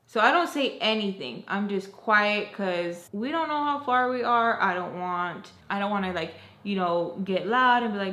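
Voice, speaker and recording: A woman's voice: medium pitch, moderate pace, few pauses. A young woman tells a personal storytime to her viewers in a loose, chatty voice, leaning on "like" and "you guys" as she goes. She slips into the lines of the people in her story as she retells them. The room around her gives a noticeable echo. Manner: expressive, retelling scenes with quoted dialogue. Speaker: storytime vlogger. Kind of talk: casual storytime narration. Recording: roomy echo.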